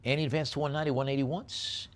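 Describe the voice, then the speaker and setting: A man calling a live auction, rattling off bids in a quick chant and slowing down to describe each lot. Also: medium pitch, fairly even intonation. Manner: rapid bid-calling chant alternating with slower item descriptions.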